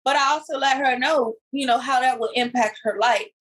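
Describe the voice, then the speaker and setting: Her voice sits high and moves a little fast, and the audio is poor. She's a podcast co-host chatting casually, an animated storyteller who recounts others' words and clips by doing their voices.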